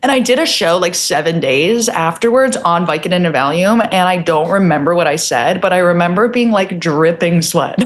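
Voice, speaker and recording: A woman's voice: fairly low pitch, expressive, moderate pace. A young woman comedian with a New Jersey accent, telling stories in a casual podcast chat, laughing often and putting on exaggerated voices. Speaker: comedian guest.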